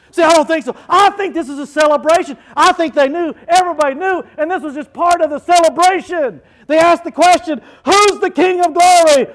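A male pastor preaching a lively sermon, rising to shouts as he quotes scripture. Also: very high voice, normal speed, low-quality recording.

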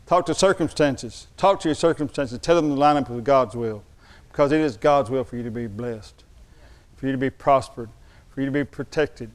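An older man preaching a sermon, telling a personal story, slowing for emphasis and dropping to a quiet, moved tone. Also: medium pitch. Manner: storytelling, slows down for emphasis, drops to a hushed tone when moved. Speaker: pastor.

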